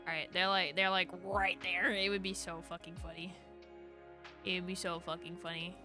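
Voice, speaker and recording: A woman's voice: fairly low pitch, little pitch movement, normal speed. A woman streamer reading fan fiction aloud on a desk microphone, gushing, giggly and swearing freely between passages. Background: faint background music.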